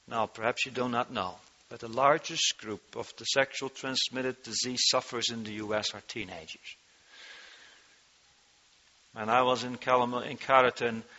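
A man preaching an earnest sermon, his voice rising in pitch and force when he reads from scripture. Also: pushed and bright, lo-fi sound. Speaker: pastor.

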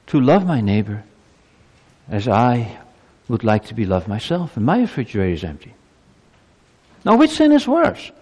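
A man's voice: fairly high pitch, darkish tone, long reverb tail. A male pastor preaching a sermon to his congregation, asking emphatic rhetorical questions. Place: church.

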